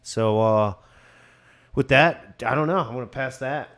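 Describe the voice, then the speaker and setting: Guy hosting a beer podcast, kinda jokey, laughs a lot, normal pitch. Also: unhurried, fairly bright tone. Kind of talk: casual beer review chat.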